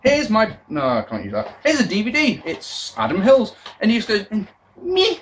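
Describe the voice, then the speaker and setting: Sarcastic British man, lively high voice. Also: normal speed, a little hiss or hum. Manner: sarcastic, sweary, exasperated. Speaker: wrestling show reviewer. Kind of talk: casual review commentary.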